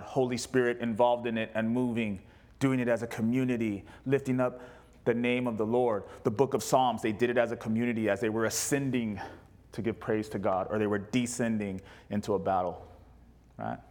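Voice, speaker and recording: A man preaching to his congregation in a loose, conversational way. He is animated and playful, and he slips into quoted voices as he talks. His pitch sits in the middle range. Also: normal speed. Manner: animated, jokey, acts out quotes. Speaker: pastor. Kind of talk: sermon with congregation questions.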